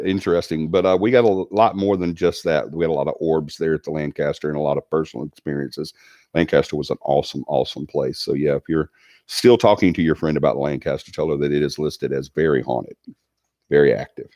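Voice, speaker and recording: Deep-voiced Southern man chatting on a livestream. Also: a little mellow, no echo, highs cut off. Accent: Southern American. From Alabama. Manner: rambling, chatty, reads viewer comments aloud. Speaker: livestream host. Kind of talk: casual livestream chat.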